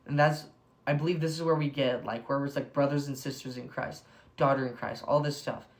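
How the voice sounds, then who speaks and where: An enthusiastic young man talks through a Bible passage in a casual devotional, with a mid-range voice. He fills his talk with "like" and keeps getting carried away with excitement. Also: mid-range voice, fairly quick. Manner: excitable, heavy use of "like", bursts of enthusiasm. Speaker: devotional speaker.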